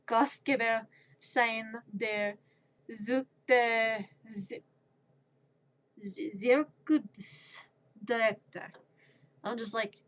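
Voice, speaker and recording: Slow-talking playful woman streamer. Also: fairly high pitch, a bit bright. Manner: playful, rambling. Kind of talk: casual livestream chat. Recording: dull lo-fi stream audio.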